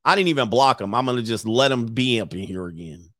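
This podcast host streams casually, brash and mocking, laughing between points. His voice is animated, fast, and a bit bright, with wide pitch swings. The recording is dry, with no room echo.

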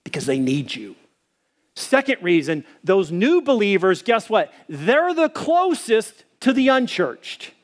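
High-voiced middle-aged male preacher. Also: very animated, measured pace. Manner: conversational storytelling, hesitant fillers; acts out quoted voices in a higher pitch. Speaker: pastor. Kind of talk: sermon.

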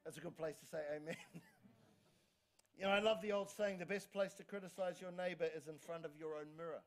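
A man preaches from the pulpit in a bright, high voice. He talks with lively energy, stumbles and restarts words as he goes, and keeps calling out for amens from the room. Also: brisk. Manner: energetic, frequent restarts and stammers, calls for amens. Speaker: pastor. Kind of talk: sermon.

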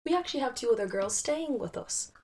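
A woman's voice: fairly high pitch, lively intonation, a little fast, a little mellow, pitched above the performer's own voice. A woman storyteller voicing a scheming old hag who greets a guest breezily. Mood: falsely friendly.

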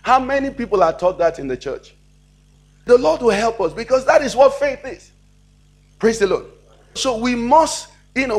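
High-voiced preacher asking questions. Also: male voice, lively intonation, normal speed. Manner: preaching with rhetorical questions and acted-out dialogue. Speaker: pastor. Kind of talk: sermon.

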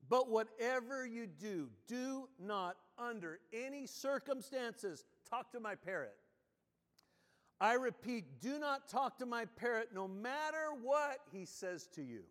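A man preaching in a church sanctuary, his voice sitting high for a man and ringing out with a long hall reverb. He tells stories with animated energy and slows down, going low and solemn, when he reads verses. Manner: animated storytelling, drops low and slow when reading scripture. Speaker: pastor. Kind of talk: sermon.

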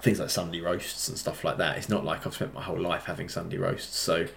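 Deep-voiced guy, casual couple chat, rambly and reassuring, echoey room. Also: flat delivery, brisk, vocal fry, a bit bright. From England. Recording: echoey room with faint noise.

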